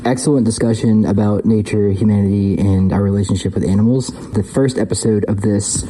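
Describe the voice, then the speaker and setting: A man hosting a podcast interview, talking in a relaxed, rambling way with lots of fillers. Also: on the low side, brisk, slight background noise, low-quality recording. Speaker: podcast host.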